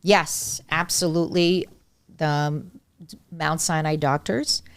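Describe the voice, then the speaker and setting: Low-voiced, emphatic woman doctor. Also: steady tone, slow pace, clean tone. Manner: emphatic, repeats key points. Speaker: gynecologist guest. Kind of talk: casual medical conversation.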